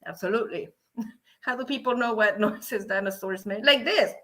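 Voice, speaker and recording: A woman hosting a casual livestream, excitable and laughing often as she chats with viewers. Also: a little high, moderate pace. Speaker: livestream host. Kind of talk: casual livestream chat reading viewer comments.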